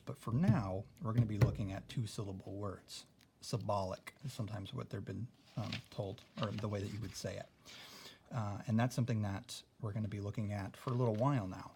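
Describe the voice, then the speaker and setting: Male teacher, lowish voice, patient step-by-step explainer, keeps asking "okay?", light background noise. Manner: explains slowly, adds "okay?" often. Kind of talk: recorded spelling lesson.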